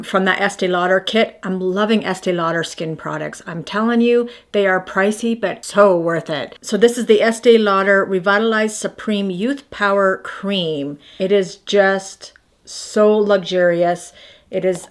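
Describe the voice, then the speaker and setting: A woman in her fifties chatting casually through her morning skincare routine, rambling and self-deprecating as she shows each product. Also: medium pitch. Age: 50s. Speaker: beauty vlogger.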